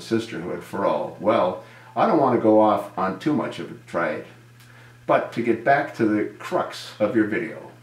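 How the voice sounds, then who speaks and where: Indignant low-voiced man, echoey room. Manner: indignant, rhetorical questions. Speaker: video commentator. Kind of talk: political commentary monologue.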